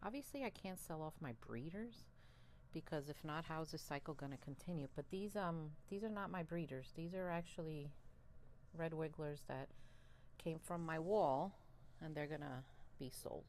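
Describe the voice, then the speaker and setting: A woman vlogging about her worms, chatty and excitable, laughing often, a little out of breath. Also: low voice, normal speed, a little hiss or hum. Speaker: worm farmer and channel host. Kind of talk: casual chat to camera while handling worms.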